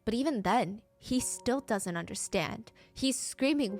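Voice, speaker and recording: A woman's voice: lively intonation, unhurried, darkish tone, soft background music. A woman narrating a true crime case, acting out the quoted lines with a lifted voice. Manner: acts out quoted lines with rising pitch.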